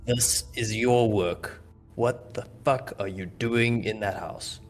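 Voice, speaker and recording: A man voicing a wounded, angry male agent in a tabletop game, speaking slowly and harshly. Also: mid-range voice, fairly even intonation, soft background music, natural voice. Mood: menacing.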